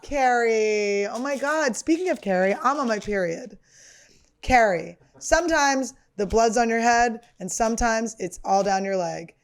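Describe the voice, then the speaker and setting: A woman's voice: fairly high pitch, animated, measured pace. Crude, rambling thirty-something woman comic. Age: 30s. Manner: crude, rambling, profane and self-mocking. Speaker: podcast host and comedian. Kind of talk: casual comedic monologue.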